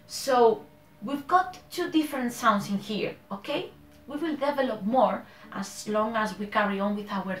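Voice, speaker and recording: A woman with a Spanish accent and Spanish as her first language, hosting a casual language-learning vlog. She corrects herself often, laughs at her own mistakes and keeps checking in with "okay?". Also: a little high. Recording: roomy echo with faint music.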